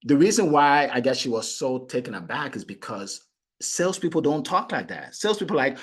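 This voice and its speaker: A middle-aged man coaching on sales, talking in an animated way and acting out his prospects. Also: fairly high pitch, fast talker, husky. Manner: animated, acts out clients and prospects in quoted voices. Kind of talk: motivational sales talk.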